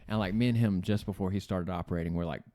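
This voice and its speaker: A man's voice: low-pitched, quick pace, dark tone, no echo, studio quality. A young man hosting a casual podcast, rambling and joking with lots of filler words. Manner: rambling, jokey, full of "like". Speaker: podcast host. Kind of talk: casual chat.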